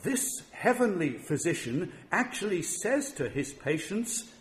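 A man's voice: on the high side, very animated, a little slow, few pauses. A man preaching a sermon, earnest and given to repeating words as he builds his point.

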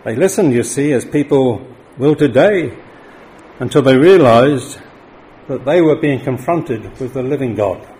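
A middle-aged man preaching a sermon, lifting his voice for emphatic declarations and dropping low and quiet for solemn points. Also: expressive, a little slow, slight background noise, rough recording.

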